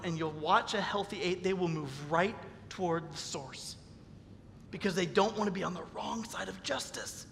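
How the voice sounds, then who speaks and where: A man preaching a sermon as pastor, animated, acting out the voices of the people he quotes. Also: high voice, normal speed, gravelly, a little hiss or hum. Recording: long reverb of a hall.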